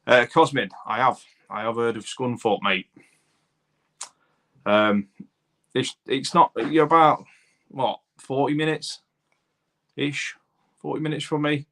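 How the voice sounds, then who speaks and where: A man's voice: mid-range voice, fairly even intonation, slow pace, pauses often, fairly bright tone. A man with a Lincolnshire accent hosting a casual live stream, chatting matily to viewers and reading their comments with plenty of fillers. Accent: English, Lincolnshire. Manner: chatty, matey, rambling with fillers. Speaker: YouTube channel host reading live chat.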